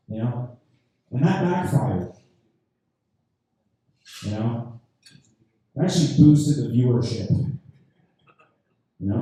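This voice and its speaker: Deadpan, halting man in an echoey lounge. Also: medium pitch. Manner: halting, deadpan, lots of fillers. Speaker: stand-up comedian at an open mic. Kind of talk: stand-up comedy set. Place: lounge comedy night, indoors. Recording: very echoey room from far off.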